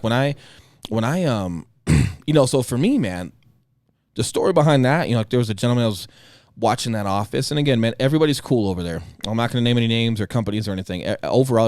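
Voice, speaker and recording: A man in his thirties talks fast and bluntly on a podcast, swearing freely and acting out the people in his story. His voice is dry and close, with no room sound around it. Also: mid-range voice, lively intonation, a little mellow, dry recording. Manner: blunt, profane storytelling with reenacted dialogue. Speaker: podcast co-host. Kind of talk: casual chat.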